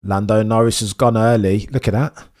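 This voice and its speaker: A young man with a lowish voice hosts a live race watchalong stream at a moderate pace, chatting straight to his viewers. His sports commentary swings between hushed, nervous mumbling and loud, excited shouting.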